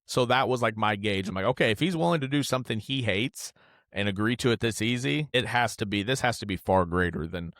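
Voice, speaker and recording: A man with a lowish voice talks through a solo podcast, candid and rambling as he drifts between stories. He swears freely and keeps it casual. The sound is dry and close, with no room around it. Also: expressive, brisk, fairly bright tone, dry recording. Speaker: podcast host.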